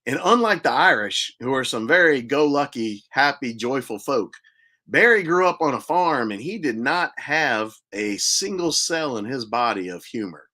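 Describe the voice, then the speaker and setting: A man's voice: mid-range voice, lively intonation, normal speed, pushed and bright. An older man hosting a podcast, telling a long, chatty personal story and laughing at his own tales. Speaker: podcast host.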